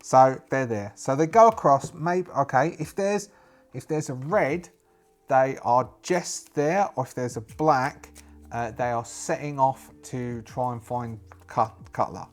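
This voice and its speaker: A man's voice: medium pitch, measured pace. A man narrating his own solo tabletop game, talking through each step as he plays. He muses and thinks aloud, hesitating as he works out what comes next. Faint music sits underneath his voice. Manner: musing, thinking aloud with fillers.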